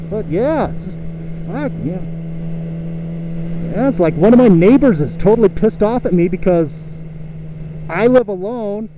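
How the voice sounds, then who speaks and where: A man's voice: high-pitched, animated, a little slow, pauses often. Profane man ranting on a motorcycle. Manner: profane, exasperated venting. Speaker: motorcycle vlogger. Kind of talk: ranting vlog while riding. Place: outdoors on a motorcycle. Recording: dull lo-fi audio with faint road noise.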